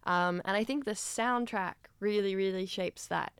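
A woman's voice: mid-range voice, clean tone, dry recording. A young woman co-hosting a radio show, chatting casually about a film with lots of fillers. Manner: chatty, fast, with many fillers. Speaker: radio co-host.

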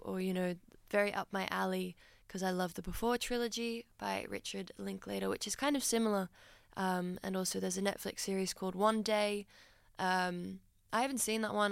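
A woman's voice: mid-range voice, gravelly, smooth, no echo. Woman, radio host, earnest film chat, dry close studio sound. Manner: earnest, reflective, heartfelt. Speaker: radio presenter.

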